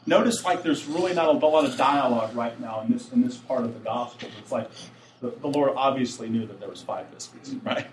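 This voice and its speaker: A man's voice: medium pitch, brisk, slight background noise. A man preaching a casual, chatty sermon who acts out the voices of the people in the story and asks his listeners questions. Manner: animated, acts out voices of Jesus and the apostles. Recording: roomy and a bit distant, faint room ambience.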